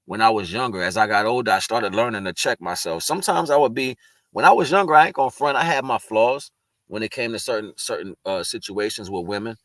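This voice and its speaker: A man with a very low voice talks to the camera in a loose, unscripted monologue. He sounds earnest and reflective, and his sentences often stall and restart. The recording is dry and close, with no room sound. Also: fast, a bit bright, no echo. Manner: rambling, earnest, spiritual, with frequent restarts. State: tearful at moments. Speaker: vlogger sharing personal reflections. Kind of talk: casual spoken monologue.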